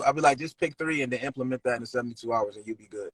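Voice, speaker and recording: A man's voice: mid-range voice, rapid-fire, few pauses, breathy edge, no echo. A young man giving an emphatic, slangy motivational talk, then chatting casually with a friend. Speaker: host.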